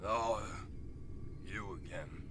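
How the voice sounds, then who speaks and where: A man voicing a weary, grumbling male miner with exasperated, drawn-out shouting. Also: lowish voice, exaggerated voice. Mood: irritated.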